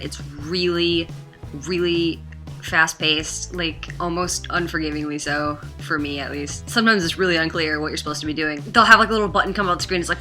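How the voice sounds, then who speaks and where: A woman's voice: low-pitched, sharp tone. A young woman casually reviewing a game, chatty and blunt, filling her talk with "like" and "you know" and the odd swear. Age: young adult.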